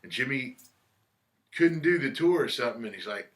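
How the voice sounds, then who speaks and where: A man's voice: mid-range voice, expressive, fairly quick, fairly bright tone. A man telling stories in a casual interview, laid-back, swearing freely and acting out what others said. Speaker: musician guest. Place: record shop.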